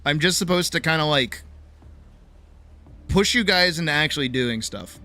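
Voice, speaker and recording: A woman's voice: low voice, lively intonation, normal speed, bright, forceful tone. A woman streamer giving a rambling, profane pep talk in casual livestream chat. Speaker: streamer and artist.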